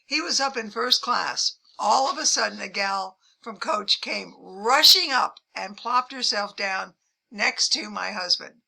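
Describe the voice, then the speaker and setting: An older woman shares amused travel stories in an unhurried, deliberate way. Her voice has a gravelly fry to it, yet the tone stays bright and forceful. She lifts her pitch whenever she quotes someone. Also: lively intonation. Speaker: travel vlogger. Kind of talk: storytelling anecdotes to camera.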